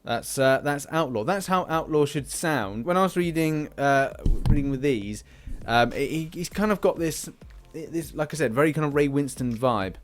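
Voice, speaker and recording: A man's voice: on the high side, animated, moderate pace, hardly any pauses, faint music behind. A British man hosting a game channel, giving casual, rambling commentary with many restarts. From Britain. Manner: rambling, lots of fillers and restarts.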